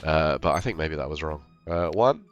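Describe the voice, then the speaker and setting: A game streamer with a very low voice is ill but comments casually on his own play in an animated way at a moderate pace. He rambles, thinks aloud and pokes fun at his own choices while quiet game music plays behind him.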